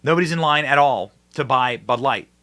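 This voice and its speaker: A male host giving online political commentary, emphatic and mocking, with big swings in pitch and loudness. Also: brisk.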